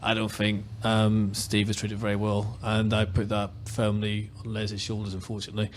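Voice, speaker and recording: A man's voice: fairly low pitch, monotone, moderate pace, a little hiss or hum. A man speaking frankly and emphatically as a panelist on a football podcast. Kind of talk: casual football podcast discussion.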